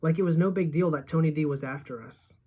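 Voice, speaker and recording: Low-voiced woman reading a story aloud. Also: fast talker, husky. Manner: lively storytelling narration. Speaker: teacher.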